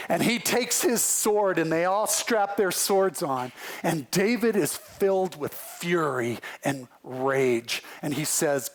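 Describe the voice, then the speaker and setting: A male pastor preaching a sermon, telling a story with lively acted-out voices on a church livestream. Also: fairly high pitch, unhurried.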